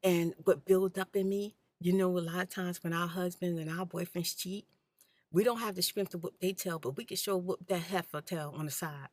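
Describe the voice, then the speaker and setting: A woman hosting an ASMR channel, telling her personal story in a soft-spoken, candid, blunt way and sometimes dropping to a whisper. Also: on the low side, fairly even intonation, moderate pace, dry recording.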